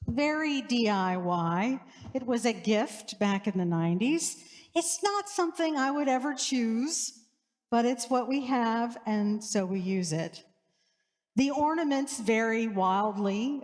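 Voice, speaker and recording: Middle-aged woman priest, wry storyteller, slow pace, long sanctuary reverb. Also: a little high. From New Orleans, USA. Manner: warm, wry humor. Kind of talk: storytelling sermon. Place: church sanctuary.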